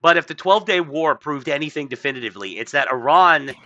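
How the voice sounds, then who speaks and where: Bright-voiced man riffing casually. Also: a little high, expressive, quick pace, no echo, muffled recording. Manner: rambling, swearing, mocking voices. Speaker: podcast host. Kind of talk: casual political chat.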